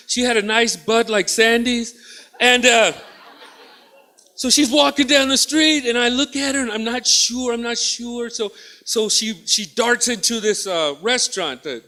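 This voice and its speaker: A man performing a stand-up comedy set in a theatre, telling stories with acted-out dialogue and bantering with the crowd. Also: very high voice. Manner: animated storytelling, acts out both sides of dialogues, banters with the crowd. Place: theatre stage.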